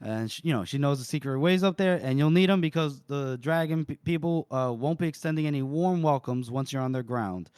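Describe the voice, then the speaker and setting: A man's voice: on the high side, a little fast, hardly any pauses, darkish tone, smooth, dry recording, clean studio sound. Man casually recapping a book, laughing often. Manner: laughs often, retells the plot loosely with fillers. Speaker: podcast co-host.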